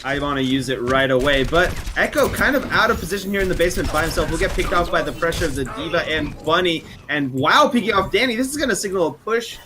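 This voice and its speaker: A man's voice: a little high, animated, fast talker, few pauses. A man co-casting an esports match, chatty and joking, laughing often. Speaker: esports co-caster. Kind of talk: esports color commentary.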